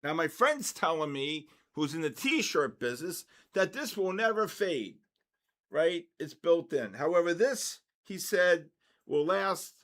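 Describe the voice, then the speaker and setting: An older man hosts a casual trading livestream, chatting loosely and breaking into excited shouts when the markets move. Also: a little high, a little slow.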